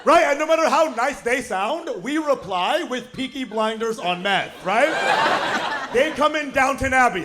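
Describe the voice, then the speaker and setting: A man doing a stand-up set on a club stage, brash and punchy, shouting his punchlines into a handheld mic. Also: very high-pitched, expressive, normal speed, heavy background noise. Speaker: stand-up comedian. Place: comedy club stage with laughing audience. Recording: loud audience laughter over the voice.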